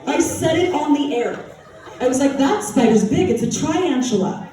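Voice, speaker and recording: Her voice sits high and animated at a moderate pace as the Utah-born TV co-host, with her Utah accent, playfully quizzes a live crowd in a large hall. She keeps it chatty; the recording is echoey with a distant mic and crowd noise.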